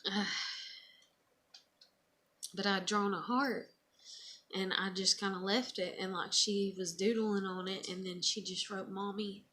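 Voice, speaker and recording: A woman's voice: mid-range voice, fairly even intonation, unhurried, long pauses. A woman in her thirties, a mother, casually chatting and reading her child's old letters aloud, rambling and emotional. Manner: rambling, soft-spoken, emotional. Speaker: vlogger, mother.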